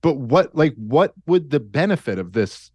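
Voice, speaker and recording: A man's voice: mid-range voice, sing-song, normal speed, darkish tone, breathy edge, dry recording. A man who is a guest on a talk show, joking dryly and reasoning aloud in casual chat. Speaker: podcast host and guest.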